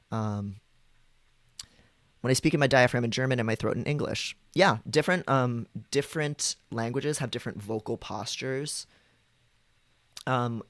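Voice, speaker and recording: A man's voice: medium pitch, no echo. A man on a live stream, chatting casually and explaining voice technique, trying out different vocal registers.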